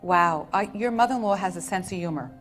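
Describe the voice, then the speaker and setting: A woman working as a medium, relaying messages to audience members in a soft, tender, soothing manner with endearments. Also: on the low side, quick pace, soft background music, low-quality recording. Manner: soft, soothing, tender, calling people honey and sweetheart. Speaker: medium at a public reading. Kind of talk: live spirit reading to an audience.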